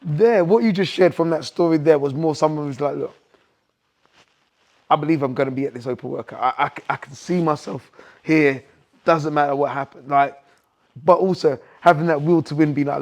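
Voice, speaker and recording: A man's voice: fairly high pitch, fairly quick, a little mellow. A man hosting a podcast, listening closely with frequent murmurs of agreement and then reflecting on principles he has learned. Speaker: podcast host, boxing coach. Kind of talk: interview chat.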